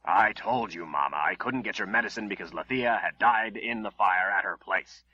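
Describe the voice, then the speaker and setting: A man's voice: on the low side, moderate pace, pushed and bright, breathy edge, dry recording, dull audio, full character voice. A man voicing a scheming young man who evasively pleads innocence to his mother in an audiobook. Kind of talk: audiobook character voice.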